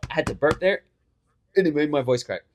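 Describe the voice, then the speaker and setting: A young man co-hosting a podcast, telling animated stories in casual chat and swearing freely. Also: a little high, fairly quick, a little hiss or hum. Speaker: podcast co-host.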